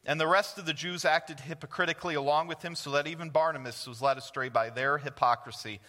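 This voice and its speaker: A man's voice: a little high, steady tone, quick pace, sharp tone. Earnest man preaching in a reverberant church. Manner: earnest, asks the congregation questions and answers them. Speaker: guest preacher. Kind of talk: sermon. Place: church sanctuary.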